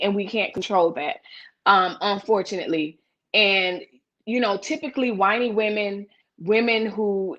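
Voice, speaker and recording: Blunt, animated woman hosting a live chat. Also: mid-range voice. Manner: blunt, animated, talks straight to viewers; reads out and answers viewer comments. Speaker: host of a live chat show. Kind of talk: live casual chat with viewers.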